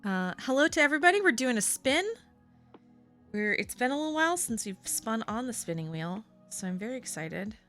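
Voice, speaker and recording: A woman's voice: fairly high pitch, very animated, fairly quick, fairly bright tone, faint music behind. A young woman hosting a casual livestream chat from her desk at home on a webcam. She is chatty and playful and coos to her cat. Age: young adult. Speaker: livestream host.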